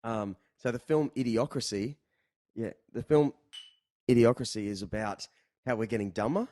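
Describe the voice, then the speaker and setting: A man's voice: mid-range voice, normal speed, darkish tone, dry recording. Rambling man hosting a chat. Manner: rambling, loose, swearing casually. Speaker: podcast host. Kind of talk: casual chat over beers. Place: indoors, relaxed room.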